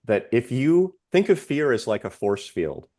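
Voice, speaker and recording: A man with a dark-toned, mid-range, very animated voice appears as a psychiatrist guest on a podcast. In explanatory interview talk, he lays out ideas steadily and in a measured way, using worked examples.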